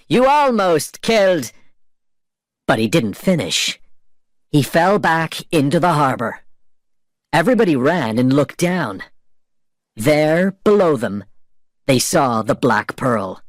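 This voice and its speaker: A man narrating an easy storybook for learners at a deliberately slow pace. His reading is expressive with wide pitch movement, and the recording is dry and close with no room sound. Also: dry recording. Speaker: reader of a graded story.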